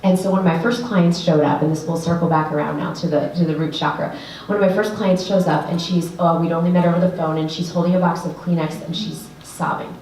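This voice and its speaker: A woman writing coach telling an earnest, animated story to an audience, with lots of fillers. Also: lowish voice, fast talker, slight background noise. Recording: echoey room, voice from a distance.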